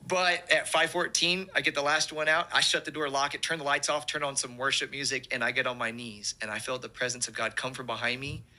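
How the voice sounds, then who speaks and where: A man, a pastor telling an animated testimony story and acting out the quotes. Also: medium pitch, fairly quick, few pauses.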